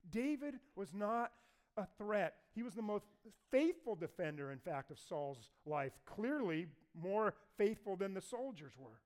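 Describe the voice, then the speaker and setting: A male pastor preaching a sermon in a church. His voice sits high for a man and sounds smooth and resonant. He tells the story in a lively way and acts out what each figure says. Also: a little slow. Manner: animated storyteller acting out voices.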